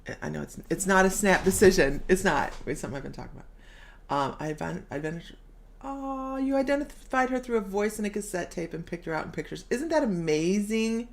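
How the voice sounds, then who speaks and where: A woman's voice: medium pitch, expressive, a little fast, vocal fry. A middle-aged woman hosting a casual live stream as a psychic medium, bubbly, laughing often and reading viewer comments aloud.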